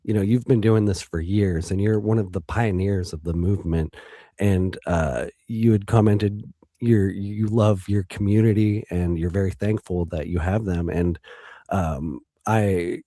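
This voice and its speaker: Mellow, dry-voiced reflective man. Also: low voice, steady tone, measured pace, no room sound. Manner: reflective, hesitant, many ums and restarts. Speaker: guest. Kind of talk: casual interview talk.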